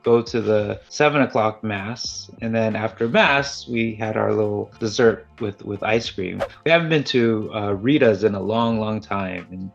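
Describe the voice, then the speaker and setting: A man of middle pitch chats easily as a podcast co-host, trading family news and reading notes with his partner. His sound comes through a little dull and low-fi, with faint music underneath. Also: unhurried, creaky, hardly any pauses. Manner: chatty, easygoing, hesitant fillers. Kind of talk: casual chat.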